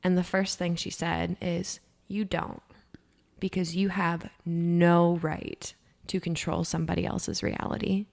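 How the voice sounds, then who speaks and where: A young woman speaks in a low, gravelly voice. She is co-hosting a podcast in casual chat. She talks candidly and with emphasis, swearing freely as she goes. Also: little pitch movement, a little slow, a little mellow. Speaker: podcast co-host.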